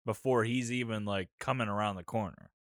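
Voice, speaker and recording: A man's voice: fairly low pitch, steady tone, a little fast, no echo, clean studio sound. A man in a casual movie discussion, laid-back and profane, chiming in on a friend's jokes.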